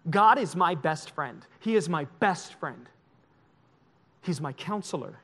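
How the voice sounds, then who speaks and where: High-voiced emotional pastor. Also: male voice, animated, measured pace, long pauses. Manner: emotional and confessional, swinging loud to hushed. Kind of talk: sermon.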